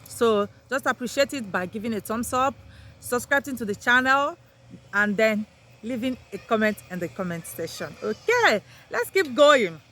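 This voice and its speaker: A woman's voice: animated, normal speed, pushed and bright, slight background noise. A woman teaching a vocabulary lesson, saying each new word in a lifted voice and repeating it before explaining. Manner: lifts words sharply in pitch when introducing them. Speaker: language teacher.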